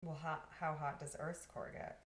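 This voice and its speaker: Podcast co-host, woman, lowish voice, playful teaser, roomy sound. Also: flat delivery, moderate pace. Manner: playful, teasing. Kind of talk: casual chat.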